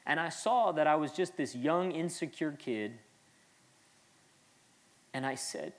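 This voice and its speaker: A man's voice: fairly high pitch, expressive, slow pace, long pauses. Earnest man preaching a conversational sermon. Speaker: pastor.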